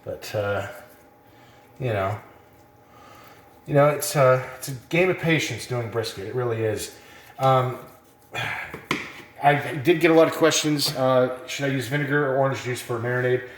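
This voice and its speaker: A man's voice: medium pitch, normal speed, long pauses, a little hiss or hum. Laid-back man teaching in an echoey kitchen. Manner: relaxed, rambling, lots of fillers. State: a bit out of breath. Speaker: cooking instructor. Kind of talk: casual how-to demonstration.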